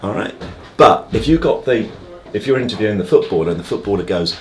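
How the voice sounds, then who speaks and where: A man's voice: fairly low pitch, animated, fast, slight background noise. A man, a magician guest in an interview who makes his points through analogies and keeps checking "all right?" with the listener, speaking in a dressing room. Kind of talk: conversational interview.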